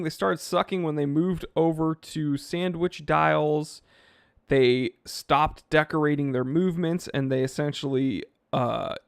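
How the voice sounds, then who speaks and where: A man's voice: mid-range voice, vocal fry, no echo, studio quality. A man hosting a live stream, casually reading viewer comments aloud and rambling offhand about them. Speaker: watch channel host reading live chat.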